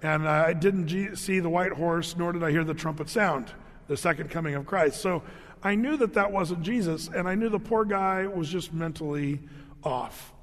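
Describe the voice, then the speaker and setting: A male pastor preaching in a church sanctuary, his voice pitched fairly high. He tells his story with animation, restarting sentences, laughing and acting out the people in it. A long reverb rings through the hall behind every phrase. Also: normal speed, fairly bright tone. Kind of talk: sermon.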